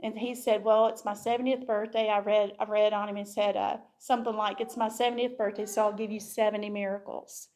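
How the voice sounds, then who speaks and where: A woman's voice: medium pitch, flat delivery, a little fast, hardly any pauses, darkish tone. A woman giving a heartfelt personal testimony to her congregation, telling the story and acting out what people said. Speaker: church member sharing a testimony.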